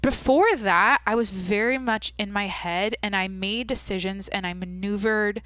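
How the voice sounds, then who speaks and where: A woman's voice: medium pitch, moderate pace, fairly bright tone, smooth, no echo. A young woman hosting a podcast, talking candidly in a rambling, casual way with lots of "like". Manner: rambling, candid, heavy use of "like". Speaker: podcast host. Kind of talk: casual monologue.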